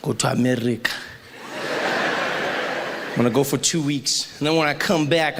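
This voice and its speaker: A man from South Africa doing a lively stand-up comedy set before a live audience, slipping into character voices. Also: mid-range voice, moderate pace, pauses often. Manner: animated, jumps into character voices. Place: large venue with a live audience. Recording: echoey live hall, audience noise.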